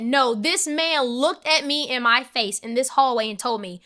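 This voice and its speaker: A young woman, a podcast guest, telling an emotional personal story in an animated, emphatic way and acting out the voices of the people in it. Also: high voice, brisk, hardly any pauses.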